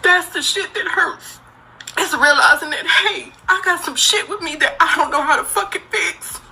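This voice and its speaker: A woman's voice: very high voice, normal speed, vocal fry, pushed and bright, low-quality recording. A woman in her thirties speaking candidly and emotionally to viewers in a confessional video, talking into a phone held close. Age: 30s. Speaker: social media poster.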